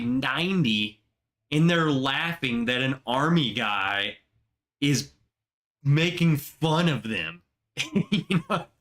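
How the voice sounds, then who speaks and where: Young male livestream host, bright edge, unhurried delivery, casual and sweary. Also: on the high side. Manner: emotional, swearing, rambling storytelling.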